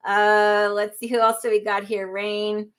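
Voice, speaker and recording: A woman's voice: mid-range voice, little pitch movement, measured pace, clear, resonant tone. Woman livestream host, middle-aged, chatty, self-deprecating, laughs a lot, reads comments aloud. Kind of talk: casual livestream chat reading comments.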